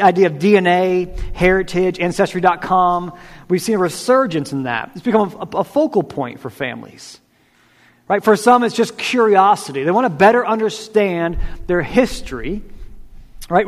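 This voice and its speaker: Conversational male pastor in a reverberant hall. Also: high-pitched. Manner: conversational, asks the congregation questions, repeats "right?". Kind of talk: sermon. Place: church hall.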